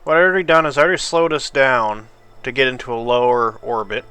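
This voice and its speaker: A man's voice: medium pitch, fairly even intonation, quick pace, sharp tone, clear, resonant tone. A sleepy man casually commenting on his gameplay, thinking aloud at a drifting pace. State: sleepy, yawning. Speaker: gameplay video host.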